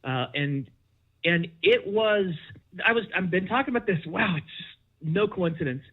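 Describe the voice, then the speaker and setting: A man talking as a podcast guest, telling a personal story in an animated, emphatic way and acting out the dialogue. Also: high voice, moderate pace. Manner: animated, emphatic, acts out dialogue in his stories. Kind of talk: conversational storytelling. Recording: dull lo-fi sound.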